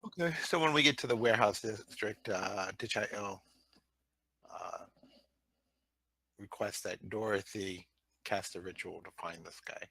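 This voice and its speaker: Man, low bright voice, sarcastic tabletop player, dry sound. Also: a little slow, vocal fry, long pauses, no room sound, low-quality recording. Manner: joking, sarcastic. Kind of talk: casual chat.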